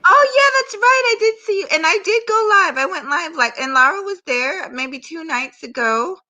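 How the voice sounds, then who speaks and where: A woman's voice: very high-pitched, lively intonation, normal speed, bright, forceful tone, rough recording. A woman chatting casually as a guest from her bed, drowsy from medication and hesitant, stammering as she talks. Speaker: guest on a live stream. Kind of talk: casual chat. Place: in bed at home.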